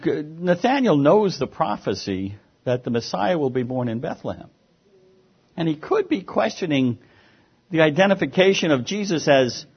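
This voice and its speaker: A man preaching a sermon, lively and emphatic, often restarting his words. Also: on the high side, breathy edge. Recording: dull lo-fi sound.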